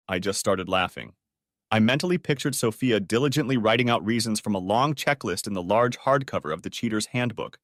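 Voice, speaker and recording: Expressive male audiobook narrator. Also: medium pitch, no room sound, clean studio sound. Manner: dramatic, expressive storytelling. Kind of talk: first-person story narration.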